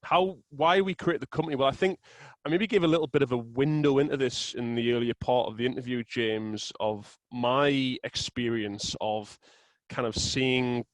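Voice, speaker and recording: A man guesting on an interview, explaining his approach in a steady, thoughtful way. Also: mid-range voice, dry recording, low-quality recording. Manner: measured, explanatory, with fillers and restarts. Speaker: guest, sales software co-founder. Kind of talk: casual interview chat.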